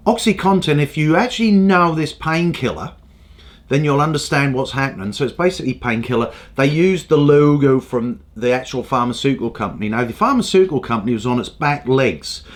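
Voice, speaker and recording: Sweary, animated man ranting. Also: mid-range voice. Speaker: host. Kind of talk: ranting comedic commentary.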